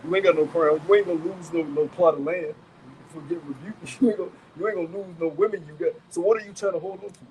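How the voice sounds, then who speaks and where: A man's voice: sits high, quick pace, a crowd in the background, poor audio. A man preaching to a group outdoors as a camp elder, emphatic and profane, repeating phrases and asking rhetorical questions.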